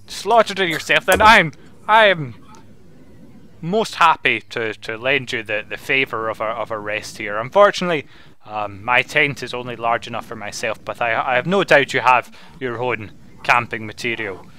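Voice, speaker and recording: A man's voice: mid-range voice, animated, normal speed, sharp tone. A man voicing a male wizard who commands zombies, speaking formally and overly politely with hesitant phrasing. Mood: genteel.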